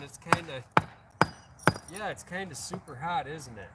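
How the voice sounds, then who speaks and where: A man's voice: a little high, moderate pace, far from the mic, very noisy. A man hosting a casual livestream outdoors on a hot day, rambling and chatting to his dog. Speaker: livestream host.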